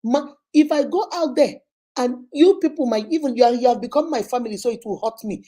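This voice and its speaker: A woman's voice: on the high side, expressive, fairly quick, mellow. A woman with a Nigerian accent giving emphatic, repetitive relationship advice to her viewers. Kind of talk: motivational talk to viewers.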